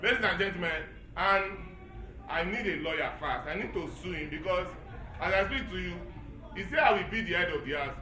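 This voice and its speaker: A man in his thirties with a Nigerian accent performs stand-up storytelling, animated and switching into character voices. His voice sits high for a man. The sound carries the echo of a large event hall. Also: brisk. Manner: animated, acts out voices with Yoruba phrases. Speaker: stand-up comedian. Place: event hall before a live audience.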